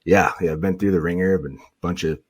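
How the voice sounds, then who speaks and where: A man's voice: low-pitched, quick pace, breathy edge. A young man from New England, a podcast guest, telling stories in a casual way and acting out what others said. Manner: animated, acts out quotes of others. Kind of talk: casual storytelling.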